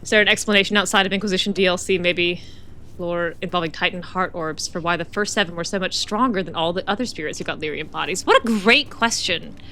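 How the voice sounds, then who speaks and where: A woman's voice: fairly low pitch, steady tone, fast talker, bright, forceful tone, slight background noise. A woman giving chatty, laughing gameplay commentary as a let's-play streamer.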